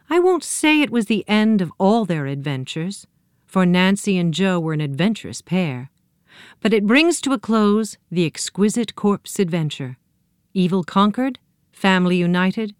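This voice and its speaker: A woman narrating a children's storybook with a gentle, expressive reading. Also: on the low side, unhurried, clear, resonant tone, no room sound, studio quality.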